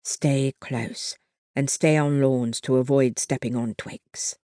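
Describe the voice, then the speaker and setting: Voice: mid-range voice, fairly even intonation, takes it slowly, mellow, no echo, close to an everyday voice. An audiobook narrator voicing a stern, protective young man who speaks in clipped phrases, in a dry, close recording. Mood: hushed.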